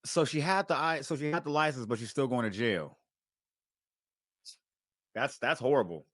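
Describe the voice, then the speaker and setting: A man's voice: medium pitch, moderate pace, a bit bright, no room sound, clean studio sound. Blunt reaction-stream host, a man. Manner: blunt, disbelieving, slangy. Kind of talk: casual reaction commentary. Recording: music playing under the voice.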